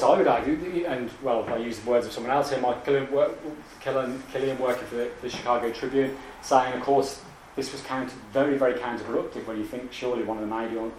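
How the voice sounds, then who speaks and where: A man giving an academic lecture in a lecture hall, talking in a halting way with many restarts and asides. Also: medium pitch, recorded from a distance, background noise.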